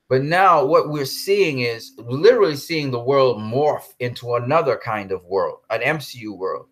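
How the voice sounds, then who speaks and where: A man's voice: mid-range voice, a bit bright. A man ranting heatedly in a commentary vlog, swearing and then apologizing for cursing. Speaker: commentary vlogger.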